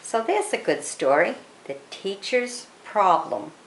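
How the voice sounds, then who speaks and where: A woman's voice: mid-range voice, slow, roomy sound, a little hiss or hum. A woman casually introducing old magazine stories and signing off to her viewers. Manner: chatty, lively sign-offs. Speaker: channel host introducing readings.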